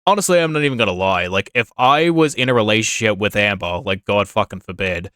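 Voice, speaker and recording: A man with a bright, forceful voice gives casual reaction commentary. He is blunt and sarcastic, swearing freely, recorded close and dry with no room sound. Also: on the low side, brisk, dry recording. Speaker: reaction channel host.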